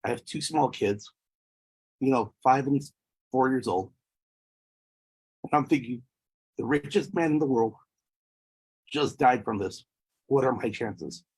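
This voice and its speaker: A man's voice: mid-range voice, a little slow, long pauses, a little mellow, husky. A man in his thirties or forties giving an emotional personal testimony, his voice breaking at times. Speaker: speaker sharing a personal story.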